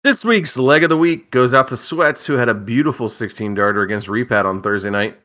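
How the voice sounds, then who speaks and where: A man's voice: mid-range voice, a little fast, bright, forceful tone. A sleepy man co-hosting a casual podcast, wisecracking as he talks about league darts matches. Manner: drowsy, wisecracking. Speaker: podcast co-host. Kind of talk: casual chat.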